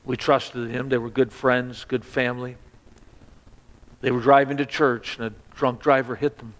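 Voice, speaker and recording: A man preaching, telling a personal story in a sermon, stammering on restarts and sinking to a hush at the sad moments. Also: mid-range voice, flat delivery, normal speed, big-room sound.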